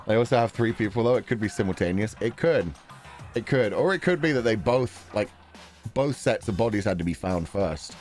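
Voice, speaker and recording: A man's voice: lowish voice, sing-song, moderate pace, a little mellow, faint music behind. A man streaming a video game, chatting casually while he reacts, swearing and laughing as he theorizes. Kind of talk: let's-play commentary.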